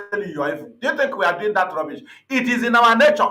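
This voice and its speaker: A man's voice: high voice, expressive, fast, few pauses, pushed and bright. A man with a Nigerian accent delivering an impassioned, combative political broadcast, mocking and repeating his points. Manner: fiery, combative, repetitive, mocking. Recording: roomy echo.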